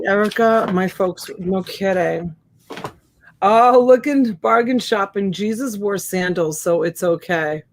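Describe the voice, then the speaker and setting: A woman hosts a live sales stream, chatting casually and answering viewers' comments by name. She talks at an unhurried, drawn-out pace into a desk microphone. Her voice sits at an ordinary middle pitch. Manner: chatty and warm, greets viewers by name and laughs often. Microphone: USB desk microphone.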